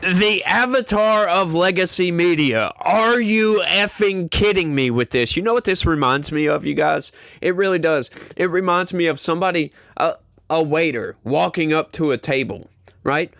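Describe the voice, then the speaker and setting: Exasperated male host ranting on camera, slightly high voice, dry close recording. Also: normal speed, vocal fry, fairly bright tone, dry recording. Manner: exasperated, emphatic, repeats himself. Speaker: commentary show host. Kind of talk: ranting political commentary.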